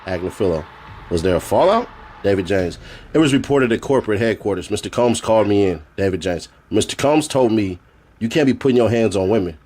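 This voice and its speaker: A man's voice: on the low side, fairly quick. A man streaming, reading a court transcript aloud in a casual way and breaking off for joking asides. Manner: reads flatly, then breaks off for joking asides and laughs.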